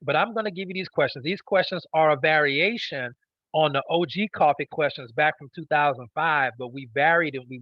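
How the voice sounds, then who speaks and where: A man coaching a sales class at a rapid clip, hammering key phrases again and again and tossing in quick "okay?" check-ins. His voice sits a bit high for a man. The recording is dry and somewhat dull, with a lo-fi edge. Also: no room sound. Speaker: network marketing trainer. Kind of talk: instructional talk.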